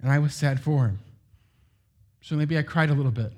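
A man's voice: on the high side, fairly quick, darkish tone. A middle-aged man preaching a sermon in a loose, conversational way, full of asides and rhetorical questions.

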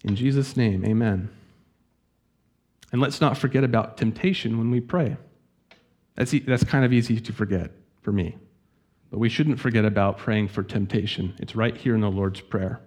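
A man preaching a sermon as pastor, speaking earnestly and gently, reading scripture slowly to his congregation. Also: on the low side.

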